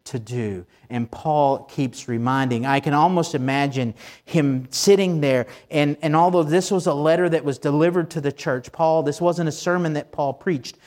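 A male pastor delivering a Sunday morning sermon, excited and emphatic, repeating phrases for emphasis. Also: a little high, normal speed. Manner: excited preaching with repetitions and rising emphasis.

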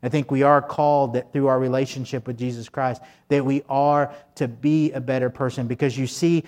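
A man's voice: on the high side, a little mellow. A man preaching a sermon in a conversational, folksy way, full of fillers and restarts. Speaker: pastor.

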